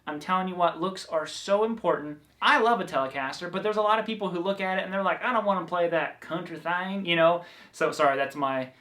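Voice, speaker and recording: A man's voice: high-pitched, expressive, fast, few pauses, pushed and bright. A man from the American South with a Southern accent, chatting loosely through a guitar lesson with lots of fillers and restarts. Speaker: guitar teacher. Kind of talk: casual guitar lesson vlog.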